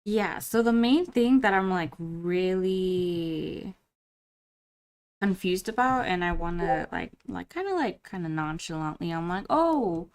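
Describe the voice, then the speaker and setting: A woman's voice: fairly low pitch, measured pace, smooth. A woman player chatting casually at a tabletop game, hedging her words with fillers.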